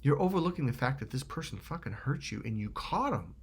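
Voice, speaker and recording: A middle-aged man from Northern California giving a casual motivational monologue. He swears freely and is animated. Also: medium pitch, a little fast, breathy edge. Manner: animated, swears freely, acts out other people's lines. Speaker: self-help vlogger.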